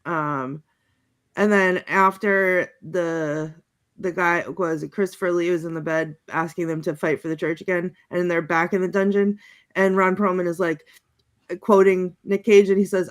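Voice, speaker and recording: A woman's voice: on the low side, steady tone, moderate pace. A woman on a podcast panel, chatting casually over a video call and recapping movie quotes in a rambling, giggly way, full of fillers and restarts.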